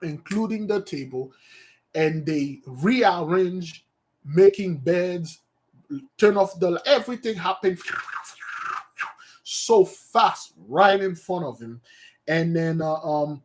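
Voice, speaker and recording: A man with a high voice leads an unhurried, informal study session. He talks his way through the text at a slow pace, thinking aloud and often stopping to correct himself. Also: lively intonation, slight background noise. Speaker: study host.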